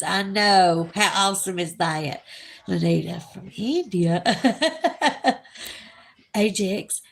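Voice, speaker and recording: A woman's voice: mid-range voice, a bit bright. Southern lady hosting a live stream, middle-aged, chatty and gushy, reading comments. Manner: gushing, emotional, effusive. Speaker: livestream host. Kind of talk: casual livestream chat reading comments.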